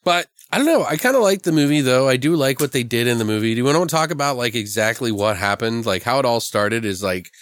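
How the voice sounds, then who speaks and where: A man's voice: mid-range voice, quick pace, few pauses, clear, resonant tone, no room sound, studio quality. A man in casual conversation, recapping a movie plot with lots of profanity and acted-out lines. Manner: profane, animated storytelling with acted-out voices.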